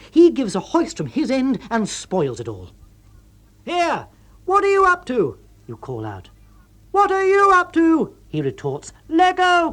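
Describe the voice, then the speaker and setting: A man's voice: on the high side, a little mellow, slightly rough. A man giving a wry, comic reading of a story aloud.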